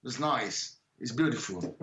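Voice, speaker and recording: Roomy-sounding man, halting English. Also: mid-range voice, animated, pushed and bright. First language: Italian. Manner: halting non-native English with many restarts. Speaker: musician guest. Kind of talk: casual interview chat.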